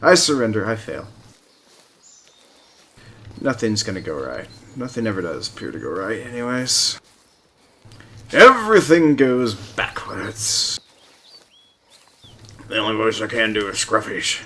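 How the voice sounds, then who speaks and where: A man's voice: fairly low pitch, normal speed, pauses often, pushed and bright. A man streaming a hunting game live, giving casual gameplay commentary with rambling, self-mocking asides.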